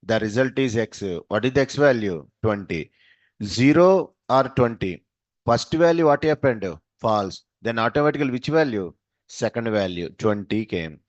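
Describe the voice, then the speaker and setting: A man's voice: mid-range voice, lively intonation, normal speed, dry recording. A male programming teacher, running a class by asking short questions and answering them himself. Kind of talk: live coding class. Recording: dull, dry lo-fi sound.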